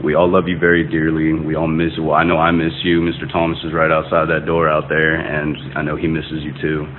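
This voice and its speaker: Super deep guy giving an earnest emotional congrats message, sounds tinny like a phone. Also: completely flat delivery, a little fast. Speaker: family member sending a congratulation video. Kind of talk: recorded video message. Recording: tinny phone-like recording with faint hiss.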